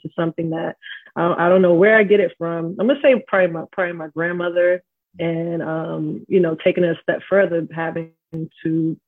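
A middle-aged woman from New York, a podcast guest telling stories in a casual, animated way, full of "like" and "you know". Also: lowish voice, breathy edge, dry recording. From Queens, New York. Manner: animated, slangy, heavy use of "like" and "you know". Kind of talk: casual storytelling interview. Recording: tinny phone-like line.

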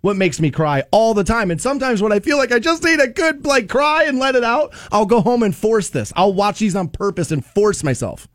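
A man hosting a radio show, chatting casually in the studio in an animated, self-mocking way and saying "dude" a lot. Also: high voice, a little fast, few pauses, no room sound. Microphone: studio microphone.

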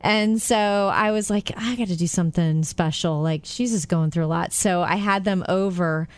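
Animated woman telling a story, dry sound. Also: lowish voice, moderate pace, clear, resonant tone, dry recording. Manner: animated storyteller, acts out quotes. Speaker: radio co-host. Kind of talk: casual chat, storytelling.

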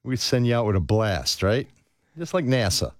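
A middle-aged man co-hosts a police talk radio show, joking and riffing in casual banter into a studio microphone with no room sound. His medium-pitched voice moves at normal speed, wisecracking and animated with playful asides.

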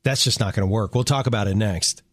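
A man's voice: fairly low pitch, fast talker, no echo, studio quality. A middle-aged man co-hosting a radio show, chatting easily about home life and laughing often. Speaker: radio co-host. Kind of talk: casual morning radio chat.

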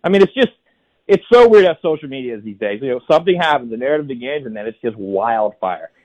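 A man who is a guest college football writer on a radio interview, making a fast, emphatic argument that builds point by point. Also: mid-range voice, very animated, poor audio.

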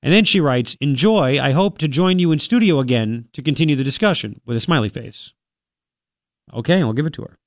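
A man with a highish voice and lively intonation talks a little fast, with no room sound on the studio mic. In casual talk radio mode, he reads the news with sarcastic, chatty asides, sniffling from a cold the whole time.

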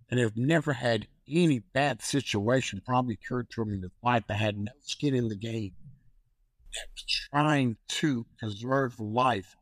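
Older male storyteller, lively, acts out voices, dry close sound. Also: medium pitch, dry recording, rough recording. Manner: animated storyteller, acts out phone calls in voices. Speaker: guest, activist. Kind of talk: storytelling in a conversation.

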